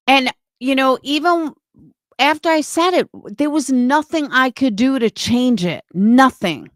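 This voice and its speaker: A woman's voice: sits high, animated, measured pace, dry recording. A woman streamer delivering an angry, profane, confrontational rant on a livestream.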